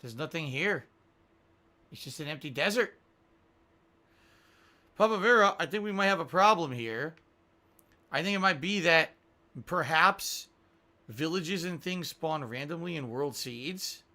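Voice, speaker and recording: A man's voice: on the high side, expressive, measured pace, pauses often, bright, forceful tone. A man streaming a game live, rambling, thinking aloud and reading out viewer tips. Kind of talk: live-stream gaming commentary.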